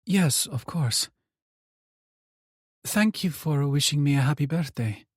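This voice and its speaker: A man reads as a cool, distant middle-aged mother, her voice lifted higher than his own. She speaks curtly and with detachment, a thriller audiobook part in a dry, close recording. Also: expressive, slow pace, husky, dry recording, exaggerated voice. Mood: hesitant.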